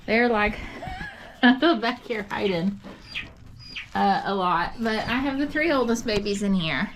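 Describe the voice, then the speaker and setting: A woman's voice: mid-range voice, animated, slow. A woman, casually explaining goat care in a barn feed room in a chatty, rambling way. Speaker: goat farmer. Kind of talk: casual how-to farm vlog. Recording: farm noise with clucking chickens.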